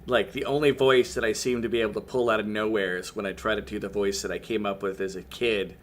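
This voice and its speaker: A man's voice: lowish voice, steady tone, fast talker. A man with a strained voice giving livestream commentary on a game, scolding the little colonists on screen and swearing at them. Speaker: game streamer.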